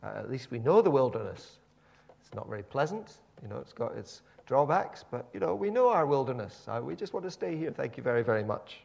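A man voicing the grumbling ancient Israelites in a high, whining, complaining tone. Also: sing-song, a little fast, gravelly, darkish tone. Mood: complacent. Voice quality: high, whiny, wailing complaint.

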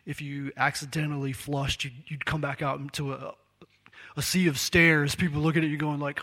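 Guy preaching casually, voice a bit on the high side, acts out quotes as he goes. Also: flat delivery, a little fast, fairly bright tone. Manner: conversational storytelling with acted quotes. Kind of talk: sermon.

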